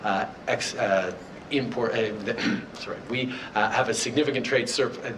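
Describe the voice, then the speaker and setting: A man's voice: medium pitch, normal speed. A man answering press questions, stumbling and restarting through his words. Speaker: politician. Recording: distant clip with heavy background noise.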